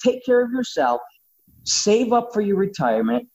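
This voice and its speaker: A man's voice: high voice, sing-song, normal speed, darkish tone. A man talking bluntly and combatively, swearing freely in casual opinionated talk. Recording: dull lo-fi sound.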